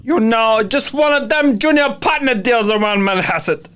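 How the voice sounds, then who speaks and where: A chatty, wisecracking young fellow with a thick Brooklyn accent, as a man puts him on. The voice sits very high and sounds bright and sharp. He drifts into asides as he talks, reading in an amateur radio-play style. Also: normal speed, clear, resonant tone. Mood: wistful, joking.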